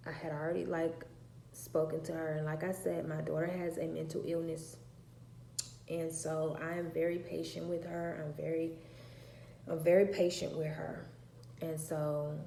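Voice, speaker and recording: A woman's voice: deep voice, gravelly, darkish tone, reverberant, slight background noise. A woman in her thirties telling a personal story in a casual vlog, speaking frankly, swearing freely and acting out the dialogue.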